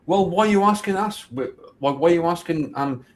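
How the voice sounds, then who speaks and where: A man's voice: sits high, a little fast. A man in his fifties who asks pushy, teasing questions in a casual chat and swears often. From Northern Ireland.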